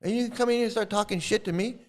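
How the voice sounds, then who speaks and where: A man's voice: sits high, fast talker. A middle-aged man hosting his own channel, ranting angrily and swearing at commenters in a confrontational, profane way. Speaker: YouTube channel host. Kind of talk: profane live-stream rant.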